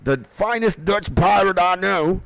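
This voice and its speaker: A young man doing a high, loud put-on pirate voice in a mock Australian twang to greet his viewers. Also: unhurried, creaky, dry recording, heavily acted, rough recording. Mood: rowdy. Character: rowdy young male pirate sailor, pseudo-Australian.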